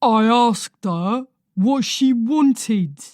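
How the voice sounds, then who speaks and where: A woman voicing a gruff, surly elderly man who snaps and barks his lines. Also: mid-range voice, animated, moderate pace, no echo, clean studio sound, close to an everyday voice. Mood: hostile. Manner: snapping, barking.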